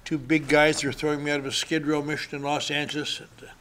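A man's voice: a little high, steady tone, very fast, fairly bright tone. An older man sharing his recovery story with dry, wry humor at a convention. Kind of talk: recovery meeting talk. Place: convention hall.

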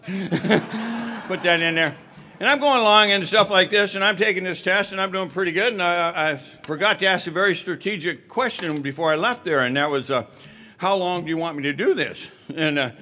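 A middle-aged man tells his story in a loose, conversational way, full of wry asides and fillers. His voice sits a little high and has a bright, forward edge. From Southern California. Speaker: speaker sharing recovery story. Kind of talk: personal recovery talk.

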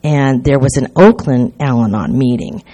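An older woman talks through her memories in a rambling, chatty way, often restarting her sentences. Her voice sits low. It has a soft, mellow tone with no edge to it. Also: moderate pace. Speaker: recovery conference speaker. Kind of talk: personal storytelling talk.

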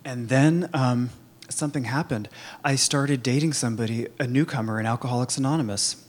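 A man telling his own recovery story in a candid, halting way, with many fillers and restarts. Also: mid-range voice. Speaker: recovery program member sharing his story. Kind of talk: personal testimony, conversational.

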